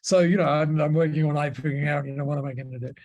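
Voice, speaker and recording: A man telling stories as a podcast guest. His voice is gravelly and mellow, and sits a bit high for a man. He rambles through his anecdotes with plenty of restarts. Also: fairly even intonation, racing, lo-fi sound. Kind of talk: storytelling in a podcast interview.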